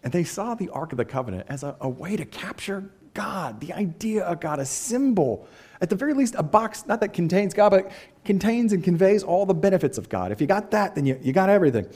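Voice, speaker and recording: A male pastor with a drawl delivers a sermon in an easy, talky manner. His voice jumps up for emphasis, then drops low for wry asides. He clears his throat from time to time. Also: very animated, brisk, a little mellow.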